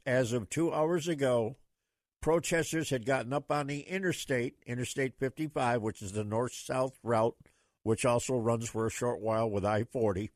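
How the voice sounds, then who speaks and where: A man's voice: medium pitch, normal speed, no echo, clean studio sound. A man hosting a late-night talk radio show for truckers, talking in a folksy, rambling way with plenty of fillers.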